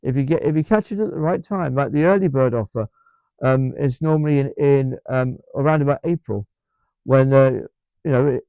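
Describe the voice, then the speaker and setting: A man from England vlogs casually to camera at a moderate pace, his medium-pitched voice warm, clear and resonant, though the recording is muffled with no room sound. He speaks with an English accent, enthusiastically and emphatically, rambling with plenty of restarts and repetitions.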